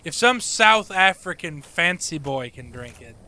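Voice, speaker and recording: A man's voice: fairly high pitch, lively intonation, a little slow, pushed and bright. A man with an Appalachian accent co-hosting a let's play, joking provocatively and stubbornly holding his ground. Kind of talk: casual gaming commentary chat.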